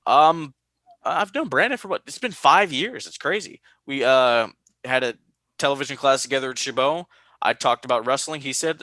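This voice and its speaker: Young man, podcast host, bright forceful voice, animated storytelling, dry close sound. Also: normal speed, no room sound. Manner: animated storytelling, high-pitched quoted voices. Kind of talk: casual podcast chat.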